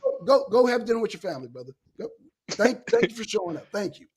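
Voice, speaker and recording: A man's voice: high voice, sing-song, fast talker, darkish tone, a little hiss or hum. A man hosting a panel debate, profane and angry, talking over his guest. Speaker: show host.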